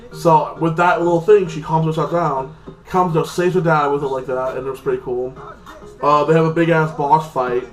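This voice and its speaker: Guy rambling through an episode recap, kinda high voice, says like a lot, faint music behind. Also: fairly even intonation. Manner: rambling, filler-heavy, acts out quotes in quick voices. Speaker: TV episode reviewer.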